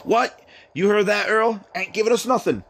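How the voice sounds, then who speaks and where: A man voicing a pair of bumbling, cocky male road bandits in a rough, slangy Cockney accent. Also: sits high, normal speed, fairly bright tone, pitched above the performer's own voice, heavily acted. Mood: bickering.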